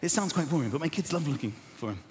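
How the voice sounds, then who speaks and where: A man in his thirties doing a stand-up comedy routine, acting out voices with big shouts and gasps. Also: a little high, lively intonation, very fast. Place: large theatre stage before a live audience. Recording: echoey theatre with long reverb and crowd noise.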